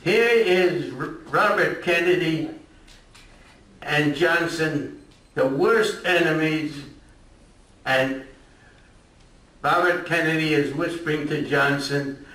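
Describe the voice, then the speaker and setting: A man's voice: fairly high pitch, slow, long pauses, pushed and bright. An older man giving an informal history lecture, chatty and joking with his audience. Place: lecture room at a retirement community. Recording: echoey room from a distant mic.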